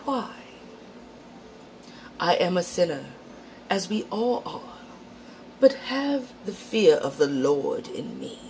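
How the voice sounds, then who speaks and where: A grandiose, self-righteous man preaching in stagey old English, pitched well above her own low voice, as a woman puts him on. He recites slowly, with theatrical solemnity, over a faint hiss. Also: very animated, darkish tone, full character voice, rough recording. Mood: preachy.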